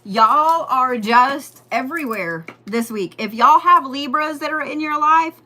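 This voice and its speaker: A woman with a lilt hosts a casual astrology reading. Her voice is bright and sits a bit high, and she rambles, jokes and swears freely as she talks straight to her listeners. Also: expressive, unhurried. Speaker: astrology and Reiki host.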